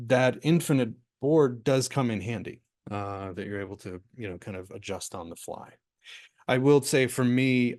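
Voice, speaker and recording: A man leading an online workshop, answering participants' questions in a relaxed, rambling way with many fillers and restarts, over a video call from his home office. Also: medium pitch, no room sound, studio quality. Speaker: workshop facilitator.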